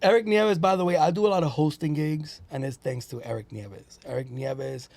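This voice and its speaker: A man with a gravelly, slightly high voice chats with a guest's easy energy, cursing and jumping between English and Spanish. The sound is dry and close, with no room around him. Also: moderate pace, dry recording. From Puerto Rico. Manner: animated, swears freely, switches into Spanish. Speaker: stand-up comedian, guest. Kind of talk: casual podcast chat.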